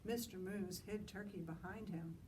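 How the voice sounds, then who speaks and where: A woman librarian reading a picture book to children outdoors, pausing for chatty asides and questions. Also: medium pitch, steady tone, mellow, recorded from a distance, a little hiss or hum, low-quality recording. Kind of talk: outdoor story time reading.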